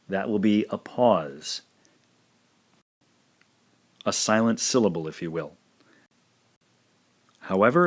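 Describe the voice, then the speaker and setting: Low-voiced man teaching pronunciation slowly. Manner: slow, careful demonstrations with repeated words. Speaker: language teacher. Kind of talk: scripted lesson narration.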